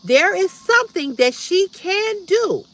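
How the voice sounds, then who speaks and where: Outspoken livestream host, woman in her fifties, direct and repetitive, bright forceful tone. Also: extremely high pitch, expressive, takes it slowly. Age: 50s. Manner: blunt, direct, preachy repetition. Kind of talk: casual livestream chat reading comments.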